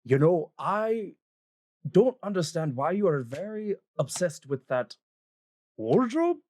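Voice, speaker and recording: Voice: medium pitch, big pitch swings, slow pace, darkish tone, voice pushed up. A game master voicing an older, well-built male dwarf who dotes on his wife. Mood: puzzled. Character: older burly male dwarf, doting and puzzled.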